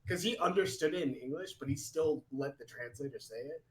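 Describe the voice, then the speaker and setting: A man's voice: on the high side, brisk, rough recording. A man co-hosting a live video game podcast, talking casually, teasing his co-host and laughing often. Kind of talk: casual chat. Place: studio or home room, live podcast.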